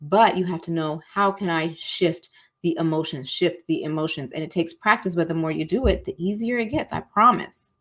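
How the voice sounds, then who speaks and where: A woman's voice: on the low side, moderate pace, a bit bright. Woman, casual life-coach teacher; encouraging, chatty, calls listeners y'all. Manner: acts out inner thoughts in quoted asides.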